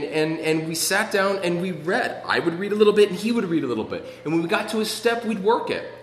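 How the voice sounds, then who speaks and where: A man's voice: high-pitched, a bit bright. A man sharing his recovery story with an audience, rambling and self-mocking, with many fillers. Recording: echoey hall from a distance.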